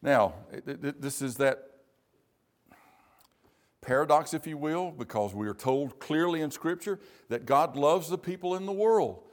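Man preaching a measured, emphatic sermon. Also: a little high, animated. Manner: measured, emphatic preaching with slow stressed phrases. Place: church.

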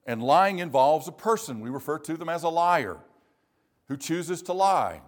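Man preaching a measured, emphatic sermon. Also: fairly high pitch, big pitch swings. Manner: measured, emphatic preaching with slow stressed phrases. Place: church.

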